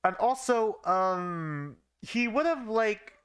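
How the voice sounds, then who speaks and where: Young streamer in his early twenties, rambling, self-mocking, bright and slightly high. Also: animated, takes it slowly, smooth, no room sound. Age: early 20s. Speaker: streamer reading his old fanfiction. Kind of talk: casual live-stream commentary.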